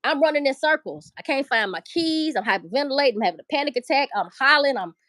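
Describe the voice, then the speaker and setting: A woman's voice: sits high, expressive, fast talker, a bit bright, no echo. A middle-aged woman hosting a livestream, ranting emotionally and profanely. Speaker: livestream host. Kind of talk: casual livestream commentary.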